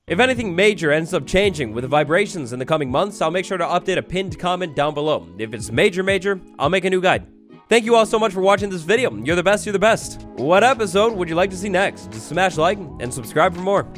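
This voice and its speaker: Over background music, a young Minecraft tutorial host narrates his gameplay in a voice that sits high with a fairly bright tone. He walks through the game mechanics cheerfully and playfully, acting out small scenes as he goes.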